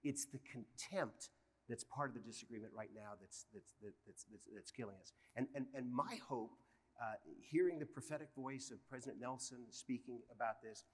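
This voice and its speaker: A man's voice: medium pitch, normal speed, breathy edge. A man speaking earnestly on a conference stage, reflective, often stumbling over repeated words. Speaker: panel speaker, judge. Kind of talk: reflective live panel talk. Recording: long hall reverb at live event.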